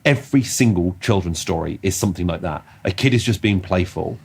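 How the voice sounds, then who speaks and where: Low, husky man telling rambling stories. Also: animated, brisk. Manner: rambling, self-interrupting storytelling with restarts. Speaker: podcast co-host. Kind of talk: casual comedy podcast chat.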